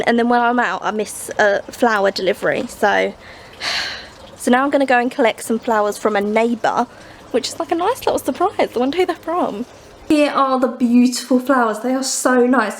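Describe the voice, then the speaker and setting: A woman's voice: on the high side, creaky, a little hiss or hum. Chatty young woman book vlogger. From England. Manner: chatty, rambling, with frequent laughs. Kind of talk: casual vlog chat.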